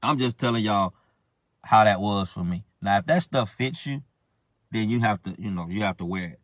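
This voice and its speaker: A man's voice: fairly low pitch, moderate pace, a bit bright, dry recording, clean studio sound. A man preaching an impassioned informal sermon as a self-styled prophet, emphatic and repetitive, calling listeners out directly in colloquial speech.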